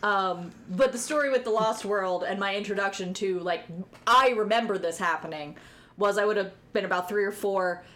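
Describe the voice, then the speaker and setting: Woman co-host with deadpan jabs. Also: medium pitch. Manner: playful, quick deadpan jabs. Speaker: podcast co-host. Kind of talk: casual chat.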